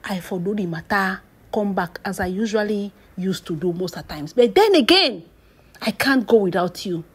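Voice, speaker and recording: A woman with a Nigerian Pidgin accent spins gossip like a drama, her voice husky and breathy at an everyday mid pitch. She draws out key phrases, slips into hushed whispers, then jumps up with sharp exclamations. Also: expressive. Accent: Nigerian Pidgin English. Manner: emphatic, drawn-out phrases, whispered asides, sudden exclamations. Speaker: celebrity gossip commentator.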